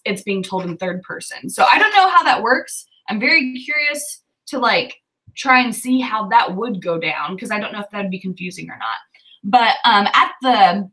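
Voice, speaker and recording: A woman's voice: fairly high pitch, sharp tone, low-quality recording. A woman with a Southern US accent hosting a writing livestream, chatting casually and thinking aloud with lots of fillers.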